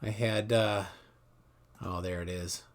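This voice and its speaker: A man hosting a casual livestream debate, talking in halting bursts with lots of fillers. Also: lowish voice, steady tone. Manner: halting, many fillers, chatty. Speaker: livestream host.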